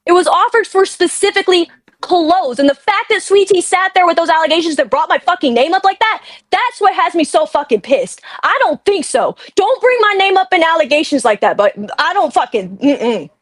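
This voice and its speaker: High-voiced woman ranting and cussing on a stream, dry close sound. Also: animated, brisk, dry recording. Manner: angry, profane ranting. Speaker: guest. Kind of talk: heated livestream chat.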